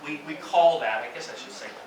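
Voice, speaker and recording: Male English teacher, high bright voice, demonstrative classroom delivery, echoey distant room sound. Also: quick pace, a little hiss or hum. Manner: explanatory, demonstrates intonation with exaggerated examples.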